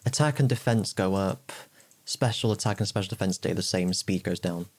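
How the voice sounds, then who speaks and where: A man's voice: deep voice, a little fast. A man co-hosting a casual podcast chat, jokey and chatty, laughing often. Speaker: podcast co-host.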